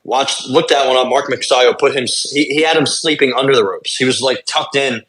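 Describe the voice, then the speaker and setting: A young adult man co-hosting a podcast, recapping fights in casual chat, talking fast and swearing. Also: mid-range voice, a bit bright. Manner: rapid, swearing fight recaps with lots of fillers. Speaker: podcast co-host.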